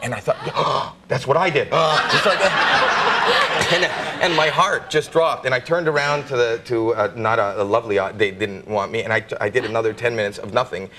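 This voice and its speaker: A man, a comedian guest on a talk show, telling stories in an animated, rambling way full of restarts and jokes. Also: mid-range voice, moderate pace. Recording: noisy TV broadcast recording.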